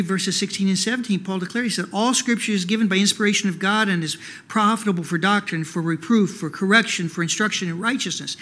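A man's voice: high-pitched, bright, forceful tone. A male pastor preaching a sermon in a conversational way, asking rhetorical questions and using many "you know" fillers.

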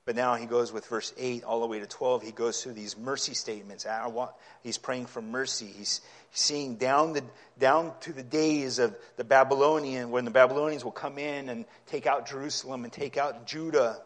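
A man preaching a sermon, reading scripture aloud and explaining it, his delivery growing impassioned until he is nearly yelling. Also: medium pitch, fairly even intonation, moderate pace. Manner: impassioned, rising to yelling at times.

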